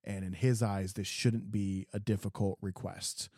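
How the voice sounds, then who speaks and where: Podcast co-host, Midwestern man, low mellow voice, dry close sound, lively storyteller. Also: unhurried, no echo. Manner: animated, acts out customers in quoted voices. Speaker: garden center worker. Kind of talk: casual storytelling chat.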